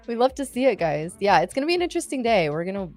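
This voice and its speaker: A woman's voice: a little high, sing-song, fast, faint music behind. A woman co-hosting a live trading show, chatting casually in a giggly, easygoing way. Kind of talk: casual chat.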